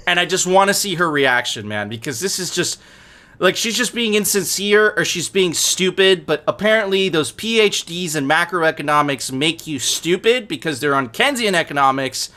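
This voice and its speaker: A man hosting a live stream, chatting casually with profanity and frequent laughter. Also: high-pitched. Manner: profane, laughing, animated ranting. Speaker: podcast host.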